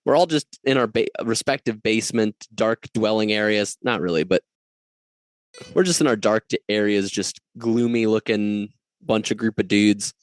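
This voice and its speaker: A man chatting on a podcast as the guest, animated and joking, throwing on mock-outraged voices. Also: fairly low pitch, normal speed, dry recording. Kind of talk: casual chat.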